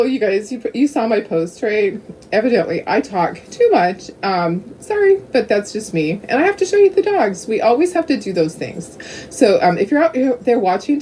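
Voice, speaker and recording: A woman's voice: a little high, darkish tone, distant mic, slight background noise. A middle-aged woman chatting casually and giggling as she hosts a craft livestream from home, cooing at her dogs now and then. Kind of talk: casual live-stream chat.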